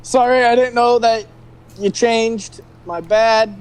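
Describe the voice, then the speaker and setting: High-voiced man playing a tabletop game. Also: slow, clear, resonant tone. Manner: eager, laughing player talk. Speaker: player. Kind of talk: casual tabletop game chat.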